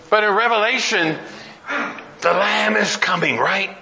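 A man's voice: high voice, a little slow, gravelly, pushed and bright, rough recording. A middle-aged man preaching a sermon, earnest and emphatic, often restarting and climbing to exclamations.

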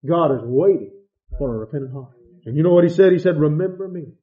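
A man preaching a sermon with passion, swinging between loud outbursts and hushed asides. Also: fairly high pitch, lively intonation, fast. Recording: dull lo-fi sound.

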